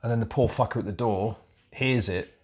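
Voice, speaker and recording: A man's voice: fairly low pitch, fairly quick. A middle-aged man from England telling his story as a podcast guest, blunt and darkly humorous, swearing often. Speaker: podcast guest, military veteran. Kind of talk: casual storytelling chat.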